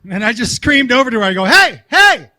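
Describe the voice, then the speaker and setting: A man telling a story on stage as a stand-up comedian and joking with the crowd, jumping between shouts and mutters. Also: extremely high pitch, very fast. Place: large hall with a live audience.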